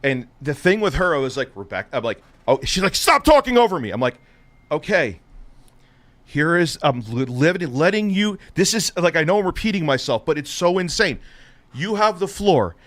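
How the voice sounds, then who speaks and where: A man's voice: a little high, animated, moderate pace, fairly bright tone, no room sound. A man hosting a live stream, ranting with heavy profanity and biting sarcasm. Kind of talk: heated live-stream rant.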